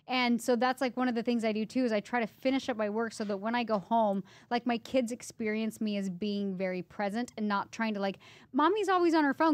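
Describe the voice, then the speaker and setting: Thirties woman cohosting a podcast, lots of likes and fillers, kinda high voice, dry recording. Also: no echo. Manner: chatty, filler-heavy, emotional storytelling. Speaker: podcast co-host. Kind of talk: casual conversation.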